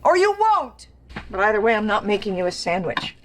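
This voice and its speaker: A woman's voice: medium pitch, very animated, a little fast, slight background noise, lightly acted. An actress playing an exhausted, anxious mother of a sick baby, with a strained, pleading delivery. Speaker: character in a TV drama clip.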